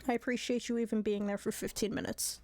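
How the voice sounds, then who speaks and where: A woman's voice: fairly high pitch, flat delivery, quick pace, darkish tone. A woman streamer chatting casually with her viewers, giggly and apologetic.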